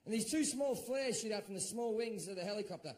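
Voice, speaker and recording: Profane Australian stand-up comedian, high voice. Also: male voice, quick pace. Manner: profane, animated, acts out shouted quotes. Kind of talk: stand-up storytelling.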